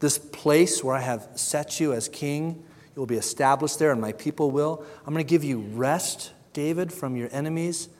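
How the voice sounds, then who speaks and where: Man, pastor preaching a sermon, earnest, conversational, repeats words, long hall reverb. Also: a little high.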